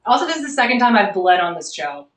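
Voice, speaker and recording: A woman's voice: medium pitch, sing-song, fast. A woman co-hosting a casual talk show, giving short agreeing replies while busy with a craft. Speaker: podcast co-host. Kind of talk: casual chat. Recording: roomy echo.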